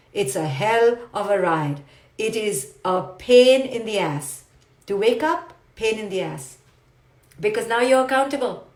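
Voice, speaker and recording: A woman's voice: medium pitch, roomy sound. A woman giving an emphatic, livestreamed motivational talk, repeating mantras and asking rhetorical questions. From India. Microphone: phone or webcam.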